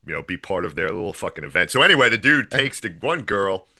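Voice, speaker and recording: A man's voice: low-pitched, fast talker. A man co-hosting a podcast, retelling a horror movie in casual, profane, laughing chat. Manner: profane, laughing, animated storytelling. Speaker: podcast co-host.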